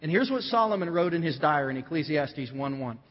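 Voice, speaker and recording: A man's voice: fairly high pitch, lively intonation, fairly quick. A man preaching a sermon, reading scripture aloud, acting out the voices of the figures he quotes, and then explaining the passage to his listeners. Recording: dull lo-fi audio with long hall reverb.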